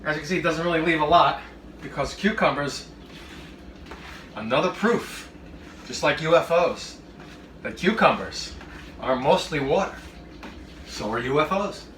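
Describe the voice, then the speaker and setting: A man's voice: on the high side, expressive, measured pace, long pauses, fairly bright tone, reverberant, distant mic, a little hiss or hum. A man hosting a comedic cooking demonstration in his kitchen, full of joking asides. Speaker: cooking show host. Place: home kitchen.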